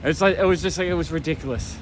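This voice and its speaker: This comic shop owner vlogger talks fast in a fairly high voice, chatting and rambling while he walks and streams, now and then a little breathless. Faint music plays behind him, along with faint street and traffic sounds from the rainy nighttime city street he's on.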